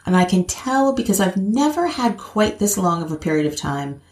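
A middle-aged woman with an American accent, chatting casually as an interview guest, animated and laughing often. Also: medium pitch, normal speed, roomy sound. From United States. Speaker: guest, actor.

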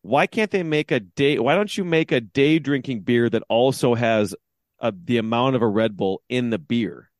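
A man co-hosting a casual podcast, talking in a rambling, joking way and often stopping to restart his sentences. His voice sits at a middle pitch. It is recorded close and dry, with no room sound behind it. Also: moderate pace, no echo. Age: adult, father of two. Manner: rambling, joking, self-interrupting. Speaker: podcast co-host. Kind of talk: casual sports podcast banter.

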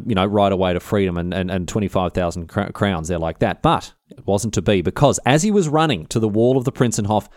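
A man's voice: on the low side, darkish tone, dry recording, studio quality. A man hosting a history podcast, telling stories in a slangy, irreverent, casual way. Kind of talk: casual comedic storytelling.

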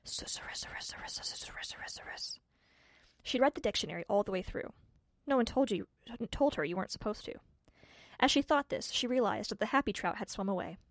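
A woman narrating a storybook in an expressive, measured way. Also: mid-range voice, dry recording. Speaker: audiobook narrator.

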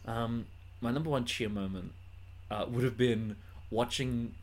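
A man's voice: medium pitch, fairly even intonation, measured pace. A man chatting casually on a podcast, laid-back, with loose swearing.

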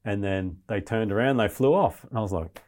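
A man's voice: lowish voice, brisk. A man telling a survival story in casual, rambling, heavily profane talk. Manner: profane, rambling, animated retelling.

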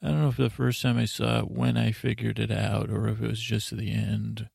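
A man's voice: fairly low pitch, little pitch movement, a little fast, vocal fry, a little mellow, breathy edge, dry recording, studio quality. A man hosting a bedtime podcast, recapping a show in a meandering, drowsy way with lots of filler words. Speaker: podcast host. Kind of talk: rambling bedtime episode recap.

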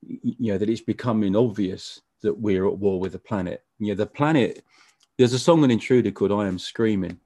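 A man being interviewed as a musician, talking casually in a halting way with frequent stammered restarts. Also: fairly low pitch, warm tone, no room sound, studio quality. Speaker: musician guest.

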